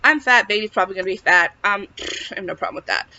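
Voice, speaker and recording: A woman's voice: mid-range voice, quick pace, slight background noise. A young woman telling a personal story to camera in a casual, chatty way, filling her talk with "like". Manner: chatty, peppered with "like", animated retelling. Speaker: vlogger sharing a pregnancy update. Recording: dull lo-fi audio.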